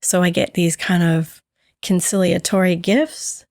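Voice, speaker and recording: Speaking at a measured pace in a fairly low voice, a woman co-hosting a podcast candidly recounts something personal. She animatedly acts out what other people said. There's no echo, and the sound is clean studio audio.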